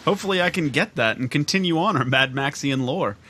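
A man co-hosting a casual gaming podcast over a call, laid-back and quick to laugh as he comments on his play. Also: a little high, expressive, sharp tone, breathy edge. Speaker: podcast co-host and player. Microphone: remote call mic.

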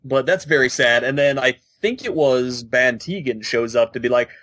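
A man co-hosting a casual gaming podcast, telling the story with animated jokes. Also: mid-range voice, normal speed, no room sound. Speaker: podcast co-host.

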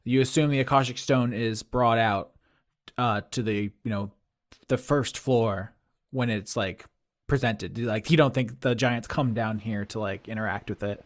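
Guy running a tabletop game, chatty, laughs at himself a lot, average pitch. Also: fairly even intonation, measured pace. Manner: chatty, self-deprecating, laughs often. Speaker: game master.

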